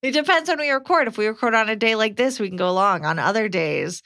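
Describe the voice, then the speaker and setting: A woman's voice: on the high side, fast, fairly bright tone, dry recording. Easygoing woman co-host, dry mic. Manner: easygoing, laughs often, reads listener letters. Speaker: podcast co-host. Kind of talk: casual chat.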